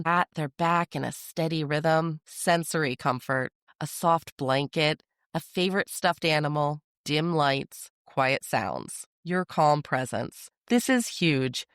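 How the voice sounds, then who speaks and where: A parenting podcast host giving a calm, measured, scripted explainer with a steady delivery. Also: mid-range voice, dry recording, studio quality.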